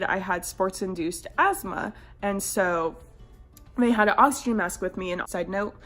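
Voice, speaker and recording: A young woman in her twenties telling a birth storytime on her vlog in a casual, chatty way, full of "like" fillers and lively quoted voices. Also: medium pitch. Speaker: vlogger.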